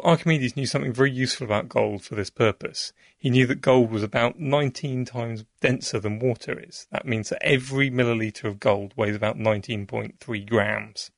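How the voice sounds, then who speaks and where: A man with a gravelly edge to his voice explains the science behind an experiment patiently and step by step. The sound is close and dry. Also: medium pitch, no echo.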